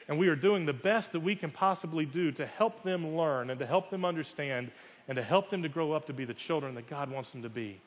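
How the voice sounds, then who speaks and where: Male pastor, folksy conversational preacher, slightly high voice, long hall echo on a dull recording. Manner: folksy, addresses the congregation with rhetorical questions, repeats words. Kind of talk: conversational sermon.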